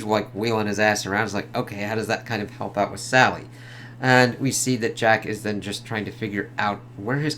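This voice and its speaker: A man talks through a film review in an unscripted, meandering way, full of "like" and "kind of" and frequent swearing. His voice sits at an ordinary middle pitch. A faint hum runs under the recording. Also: a bit bright. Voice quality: profane, rambling, heavy on filler words. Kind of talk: casual spoken review.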